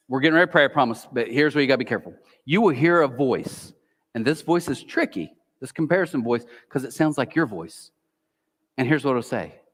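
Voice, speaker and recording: Animated male preacher in a reverberant hall. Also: mid-range voice. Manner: animated preaching, acts out a whispering inner voice. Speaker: pastor. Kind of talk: sermon. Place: large church auditorium.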